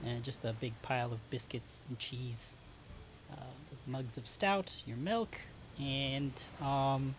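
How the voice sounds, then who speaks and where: A game master narrating a tabletop role-playing scene who laughs often and fills pauses with "uh" and "um". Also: medium pitch, fairly even intonation. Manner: laughs often, filler-heavy.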